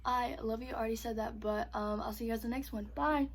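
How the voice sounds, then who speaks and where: A young woman telling a casual storytime vlog, animated, swearing freely and saying "like" constantly. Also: a little high, fast talker, loud music behind the voice. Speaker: vlogger.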